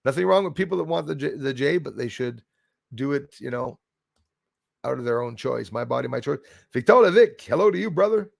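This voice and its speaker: A man's voice: mid-range voice, lively intonation, fairly quick, creaky, dry recording, clean studio sound. A man hosting a casual livestream, rambling bluntly and greeting viewers by name. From Canada. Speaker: livestream host reading chat. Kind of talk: casual live-stream chat.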